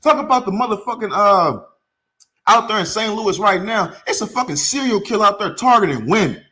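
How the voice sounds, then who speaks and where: Guy ranting on his podcast, high lively voice, bright and sharp, cussing nonstop. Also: brisk, slight background noise. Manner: heated, profane, repeats himself for emphasis. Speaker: podcast host. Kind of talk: impassioned podcast rant.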